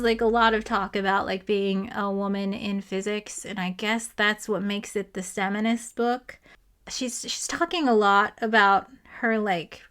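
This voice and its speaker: Exasperated sarcastic woman, higher voice. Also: a bit bright. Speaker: theoretical physicist reviewing a novel. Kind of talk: casual commentary to camera.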